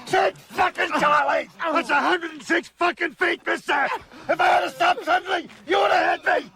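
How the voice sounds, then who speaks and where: A menacing road-rage bully on film, screaming himself high and bright with fury. He hammers every word of a profane tirade, never letting up. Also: moderate pace, a faint crowd, exaggerated voice. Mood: enraged. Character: furious menacing man berating a tailgating driver. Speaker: actor in a film scene.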